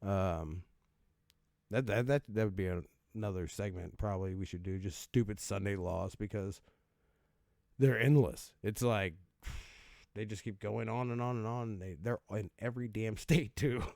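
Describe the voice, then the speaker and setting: A man's voice: on the low side, normal speed, gravelly, a little mellow, no echo, studio quality. A man hosting a casual comedic commentary, sarcastic and profane, laughing as he riffs with mock voices. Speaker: host reacting to odd laws.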